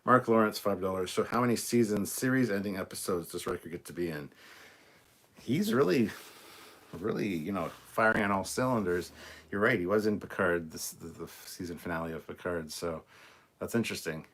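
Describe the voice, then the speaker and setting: A British man hosting a casual livestream reaction, excited and rambling, with frequent ums and laughs. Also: sits low, moderate pace. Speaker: livestream host.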